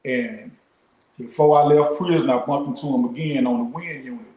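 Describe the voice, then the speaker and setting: A man's voice: mid-range voice, fairly even intonation, moderate pace, dark tone, a little hiss or hum. A middle-aged man, a guest, telling stories in a laid-back, casual way and peppering his speech with "man". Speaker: guest, former prisoner. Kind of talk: casual storytelling. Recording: roomy echo.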